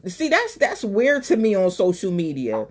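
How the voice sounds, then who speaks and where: A woman hosting a live call-in stream, talking casually and sassily, calling people honey and baby, swinging between loud and soft. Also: mid-range voice, huge pitch swings, normal speed. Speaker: live show host.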